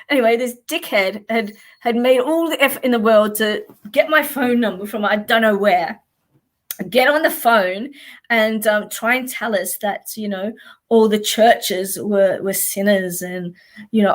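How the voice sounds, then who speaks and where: A woman's voice: a little high, moderate pace. An Australian woman, a psychic, chatting casually on a live stream in a blunt, sweary way and often laughing.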